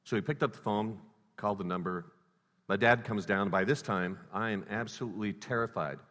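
Bright-voiced preacher man in a reverberant hall. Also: on the low side, fairly quick. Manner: storytelling, sharp swings between loud and hushed. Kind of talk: sermon with a personal story.

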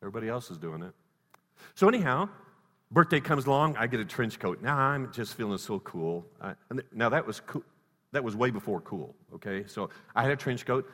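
A man preaching a sermon built around a personal story, swinging between loud emphasis and hushed lines. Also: mid-range voice, expressive, brisk. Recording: reverberant hall.

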